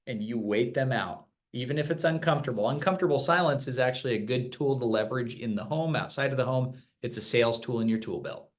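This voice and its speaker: A man teaching new sales reps in a casual virtual training session, explaining points with examples. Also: mid-range voice. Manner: conversational, explains with examples and acted-out quotes.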